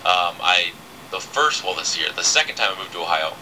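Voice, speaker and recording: A male radio host chats through a casual interview, his low-set voice sounding bright and forward. He trails into fillers and restarts often. Faint background noise sits under him. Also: lively intonation, a little fast, rough recording. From southern United States. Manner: chatty, many fillers and restarts.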